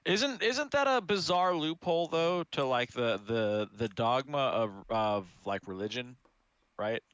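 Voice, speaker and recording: A man's voice: mid-range voice, expressive, unhurried, fairly bright tone, clean tone, no echo, highs cut off. A man co-hosting a podcast in casual chat, making wry, mock-serious remarks. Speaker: podcast co-host.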